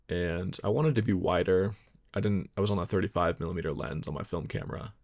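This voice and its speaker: Young male vlogger, low voice with fry, loose self-mocking chat. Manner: relaxed, self-deprecating, rambling with fillers. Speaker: photography vlogger. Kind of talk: casual vlog narration.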